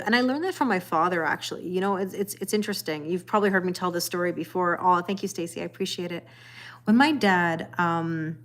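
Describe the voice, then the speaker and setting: A middle-aged woman whose voice is low-ish but fairly bright hosts a casual tarot reading stream. She reads out what viewers write, chats with them, laughs often, and echoes her own phrases.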